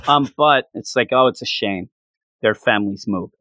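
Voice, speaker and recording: A man's voice: on the low side, normal speed, dry recording. Man recapping a story. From North America. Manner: animated storyteller, acts out characters' lines. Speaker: podcast co-host. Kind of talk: casual chat recapping a comic.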